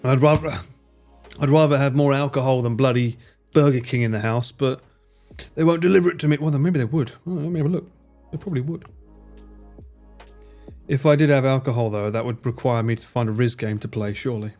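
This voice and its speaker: A man streaming games in casual commentary, excitable, swearing freely and laughing often. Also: medium pitch, fairly quick, long pauses, soft background music.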